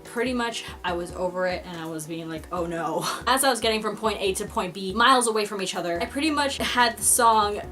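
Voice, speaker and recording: A woman telling a story-time vlog in an excitable, giggly way. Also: medium pitch, fairly quick, few pauses, faint music behind. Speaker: vlogger.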